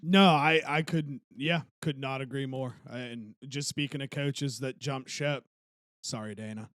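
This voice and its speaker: A young man co-hosting a casual sports podcast, blunt and swearing in quick outbursts. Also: mid-range voice, fairly even intonation, fairly bright tone, dry recording, studio quality. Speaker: podcast co-host.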